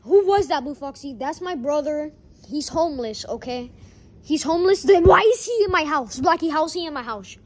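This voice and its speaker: A woman's voice: sits high, lively intonation, normal speed. A woman improvising a plushie skit, voicing every character and switching voices, often scolding.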